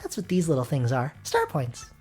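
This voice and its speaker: A man's voice: medium pitch, huge pitch swings, moderate pace, darkish tone, soft background music. Goombella, a sassy young student, voiced by a man. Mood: cheerful. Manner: sassy, upbeat, chirpy coaching. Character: peppy young female student sidekick.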